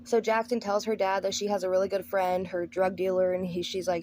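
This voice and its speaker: A woman's voice: medium pitch, flat delivery, brisk, darkish tone. A woman hosting a movie review channel, giving a casual, sarcastic recap of a film. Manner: sarcastic, breezy, acts out characters' lines.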